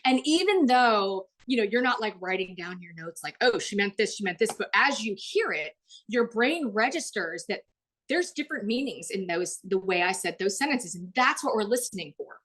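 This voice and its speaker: Animated, chatty woman presenter. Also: moderate pace. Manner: animated, acts out quoted voices with big pitch jumps; chatty, frequent "like" and "um". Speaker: webinar presenter. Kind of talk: live online workshop talk. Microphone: video call.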